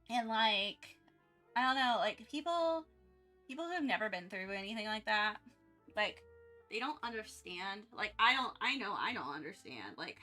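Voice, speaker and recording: A young woman chatting casually on her art livestream, excitable and rambling with lots of fillers as she gushes thanks. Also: mid-range voice. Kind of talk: casual live-stream chat.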